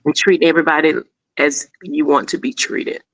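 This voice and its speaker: A woman's voice: low voice, fairly even intonation, normal speed, poor audio. A middle-aged woman guest speaking in an encouraging, preacherly way about faith and respect. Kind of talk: casual chat.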